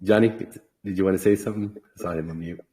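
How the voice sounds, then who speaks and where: Male podcast host, low register, casual, upbeat, jokey, encouraging, video-call sound. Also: steady tone, fast talker, dark tone. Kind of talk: casual chat.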